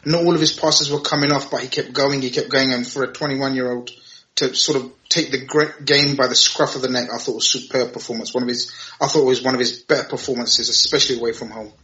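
A man, a guest in a casual football chat, who argues back quickly and insistently. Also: mid-range voice, fairly even intonation, bright, forceful tone, muffled recording. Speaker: podcast guest.

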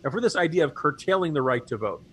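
A man's voice: fairly high pitch, animated, fast, a bit bright, a little hiss or hum. A man co-hosting a political podcast, talking in a wry, chatty way. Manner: wry, chatty, laughs at his own jokes. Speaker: podcast co-host. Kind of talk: casual political talk.

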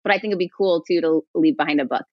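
A middle-aged woman, an author and podcast guest, telling stories in an animated way and acting out what others said. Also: low voice, fast talker, no echo. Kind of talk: conversational storytelling. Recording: dull lo-fi dry sound.

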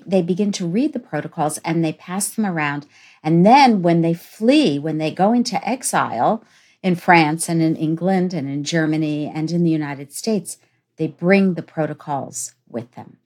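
A woman's voice: low voice, moderate pace, a little mellow. A woman historian, a guest on a podcast interview, explaining in an emphatic way.

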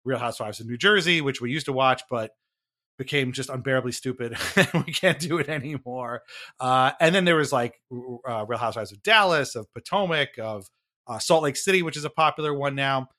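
Chatty wry man with a bright voice. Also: medium pitch, animated, a little fast. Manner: chatty, wry, laughs at himself, trailing restarts. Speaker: podcast co-host explaining a reality show. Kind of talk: casual podcast chat.

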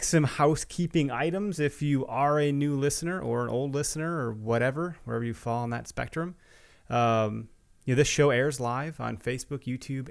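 A man's voice: medium pitch, creaky. A man, hosting a podcast in a rambling, chatty way full of fillers. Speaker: podcast host. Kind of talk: casual solo podcast intro.

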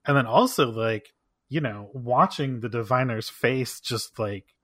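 A man with a husky voice talks emphatically on a podcast and leans on fillers as he goes. The recording is dry and close, with no room sound. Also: mid-range voice, a little slow, a bit bright, dry recording. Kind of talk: casual discussion.

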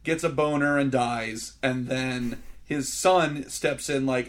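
A man's voice: mid-range voice, fairly even intonation, slow, few pauses. A man co-hosting a casual movie review chat, ranting sarcastically and acting out scenes. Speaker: podcast co-host.

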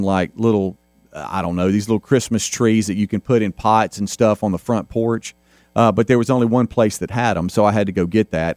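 A man's voice: fairly low pitch, dry recording. A middle-aged man hosting a casual talk radio show, rambling with lots of fillers and restarts.

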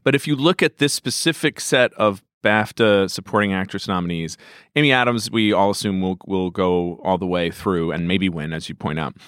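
Man, podcast co-host, wry, digressive, low voice, dry close mic. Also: moderate pace, a bit bright, no echo. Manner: wry, digressive, laughs at own jokes. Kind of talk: casual film-awards chat.

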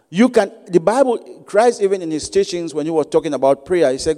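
Man preaching a sermon, high mellow voice, repeats lines to drive them home, long church echo. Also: lively intonation, a little fast, hardly any pauses. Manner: repeats key phrases for emphasis. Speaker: guest preacher. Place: church sanctuary.

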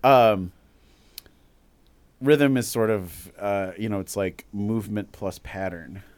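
A man's voice: lowish voice, a little mellow, smooth. Dry, wry man talking art. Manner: dry, wry, halting restarts. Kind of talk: casual chat about art.

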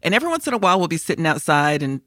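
A woman's voice: sits low, sing-song, very fast, fairly bright tone, no echo, studio quality. A woman co-hosting a podcast, telling stories in a casual, profane, laughing manner. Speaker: podcast co-host. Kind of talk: casual chat.

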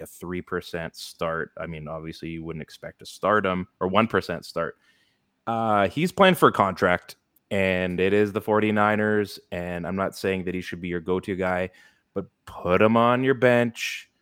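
A man's voice: deep voice, a bit bright, smooth, no echo, clean studio sound. A man hosting a casual sports podcast, rambling through advice with lots of fillers. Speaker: podcast host. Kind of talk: casual fantasy sports chat.

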